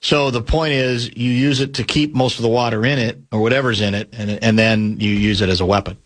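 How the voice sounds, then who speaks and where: A man's voice: mid-range voice, steady tone, brisk. A man hosting sports talk radio in casual banter, blunt and sarcastic as he needles his guest. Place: radio studio.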